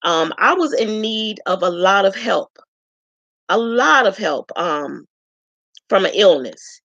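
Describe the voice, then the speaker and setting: A woman from Chicago introduces herself to viewers in a frank, chatty way, filling her pauses with ums. Her voice has a gravelly edge. The recording is dry and a little dull, with no room sound. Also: mid-range voice, expressive, a bit bright, no echo. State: tearful at times. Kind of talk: casual self-introduction to camera.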